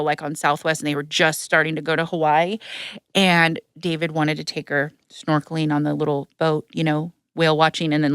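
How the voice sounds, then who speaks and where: A woman's voice: low voice, a bit bright, clean tone, dry recording, studio quality. A woman in her thirties hosting a podcast, telling stories animatedly and acting out the voices she quotes. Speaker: podcast host. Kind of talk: casual chat.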